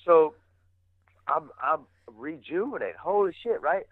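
Animated high-voiced storytelling man. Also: a little slow, slightly rough, dry recording, narrow, tinny audio. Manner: animated, swearing, acts out other voices. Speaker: podcast guest. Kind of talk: casual storytelling.

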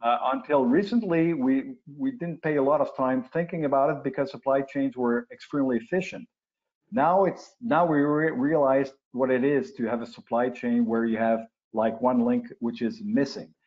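Older francophone man, expert guest, halting restarts, muffled webinar sound. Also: mid-range voice, darkish tone. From Quebec, Canada. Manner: explanatory, with frequent restarts and uh fillers. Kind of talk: webinar interview answers. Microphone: video call. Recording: lo-fi webinar audio.

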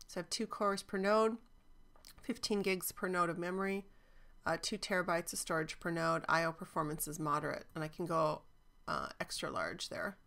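A woman's voice: fairly low pitch, normal speed, gravelly, a bit bright. A woman teaching cloud databases in a chatty, enthusiastic screen-recorded walkthrough, with frequent ums.

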